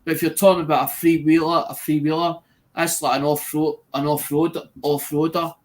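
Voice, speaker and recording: A man's voice: fairly high pitch, level tone, fairly quick. A man chatting casually, repeating words as he explains. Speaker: livestream guest. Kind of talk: casual chat.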